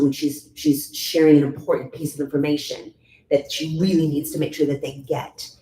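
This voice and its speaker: A middle-aged woman vocal coach leads a workshop in a chatty, demonstrative way. Her voice sits low and mellow. The room adds a roomy echo and a faint hum. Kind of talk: workshop teaching.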